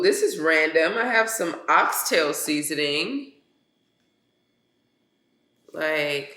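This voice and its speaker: In an echoey kitchen with slight background noise, a young woman fresh from bed cooks and unboxes things while casually talking to her camera. Her voice leans low and a bit bright, and she chats in easygoing grammar, calling her audience "y'all" and "girl."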